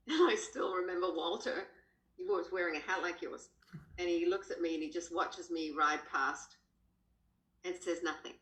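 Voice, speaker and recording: A woman's voice: moderate pace, pauses often. A woman with an Australian accent, a horse trainer, telling stories animatedly as a podcast guest. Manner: animated, jumps up in pitch when quoting. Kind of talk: casual storytelling in a podcast. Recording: roomy echo.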